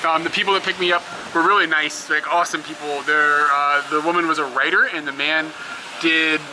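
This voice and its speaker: Fairly quick and steady in tone, this young travel vlogger's fairly high voice rambles casually to his camera outdoors near roads and rest stops. Fillers and laughs come often, and traffic is clearly audible on the camera sound.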